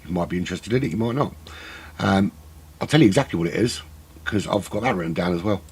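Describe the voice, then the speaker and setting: Filling airtime during a live sim race broadcast, a middle-aged commentator waffles on with self-mocking jokes. He talks quickly in a low, slightly rough voice.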